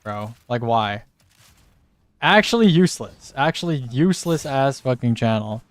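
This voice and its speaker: A man chats with teammates while he streams a game, blunt and quick to swear. His voice comes through smooth and resonant, with a dry, close sound and no room echo. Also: mid-range voice, lively intonation. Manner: profane, blunt, joking. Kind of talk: casual gaming banter with teammates.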